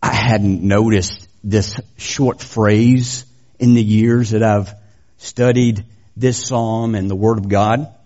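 A man's voice: fairly low pitch, fairly even intonation, slow, mellow. A male pastor preaching a sermon emphatically and building to fervent proclamation. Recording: dull lo-fi recording.

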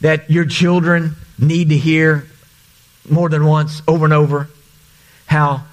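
A man's voice: sits high, moderate pace. A man preaching a sermon as pastor, earnest and repeating phrases for emphasis.

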